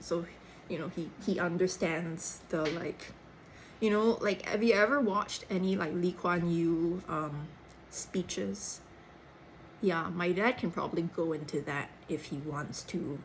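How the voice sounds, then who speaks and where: A young woman from Singapore with a Cantonese-tinged, third-culture Singaporean English accent, talking in a chatty, animated casual way. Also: fairly low pitch, slight background noise, poor audio. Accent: Singaporean English with Cantonese influence, third culture. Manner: chatty, animated, frequent "like" and "lah". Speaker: actor. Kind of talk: casual chat.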